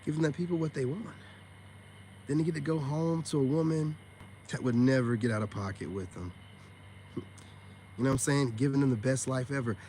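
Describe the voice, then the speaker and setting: A man's voice: medium pitch, a little fast, pauses often, warm tone, a little hiss or hum. A man on a casual livestream, talking bluntly and with profanity straight to his viewers, peppering his speech with "man" and "you know what I'm saying.". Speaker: online self-help streamer.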